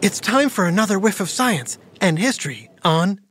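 A woman hosting a playful kids' educational podcast, talking like an animated storyteller. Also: mid-range voice, moderate pace. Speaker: host.

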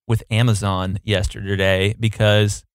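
A man's voice: lowish voice, little pitch movement, measured pace, clean tone, dry recording, clean studio sound. A young adult man co-hosting a podcast in a casual, playful chat, telling jokey stories. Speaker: podcast co-host.

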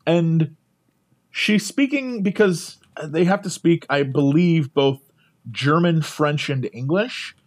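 A podcast co-host spins a travel anecdote in a casual, animated way, breaking into laughter and playing the people in it. His voice sits high and swoops all over. He sounds like he is talking into a poor microphone. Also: slow. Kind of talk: casual chat, storytelling.

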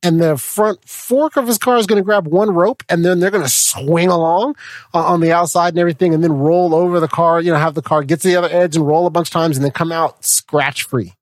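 Man, podcast host, casual film chat, quick and animated, slightly high voice. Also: no room sound. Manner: animated, restarts often, tags with "right?".

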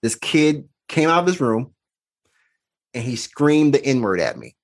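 A man's voice: mid-range voice, big pitch swings, a little slow. A man, a podcast guest, telling a personal story in an earnest, reflective way, acting out the quoted dialogue.

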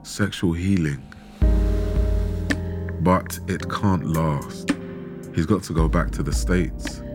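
A man telling a true story in measured, dramatic scripted narration, with rhetorical questions. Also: deep voice. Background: background music.

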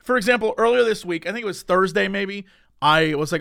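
A young man with a high, bright, forceful voice tells a story in casual chat. He is animated and slips into voices for the people he quotes. The sound is dry and close. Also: fairly quick, gravelly, no echo.

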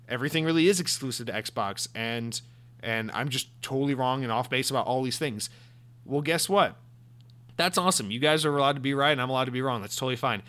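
A young man hosting a casual opinion podcast, rambling and swearing as he talks. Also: medium pitch. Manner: rambling, profane, animated. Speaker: podcast host.

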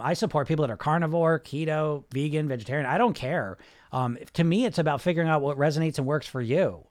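A man hosting a live podcast, talking straight to his listeners in a rambling, emphatic way with lots of restarts. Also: on the high side. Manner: frequent restarts and "you know". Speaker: podcast host reading live comments. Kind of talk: live-streamed casual podcast talk.

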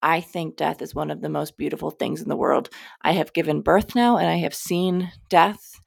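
A woman's voice: low-pitched, fairly even intonation, moderate pace, vocal fry, breathy edge, no room sound, studio quality. A young woman hosting a podcast, giving casual spiritual advice in a candid, chatty way, sometimes swearing and cutting herself off. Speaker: podcast host.

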